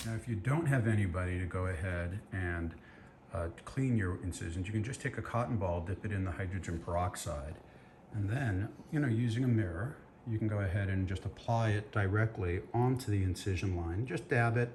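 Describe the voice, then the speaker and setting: A man, a facial plastic surgeon, calmly talking viewers through aftercare steps in a reassuring, instructive way. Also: fairly low pitch, background noise. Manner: calm, reassuring, repeats gentle guidance. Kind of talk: instructional demonstration.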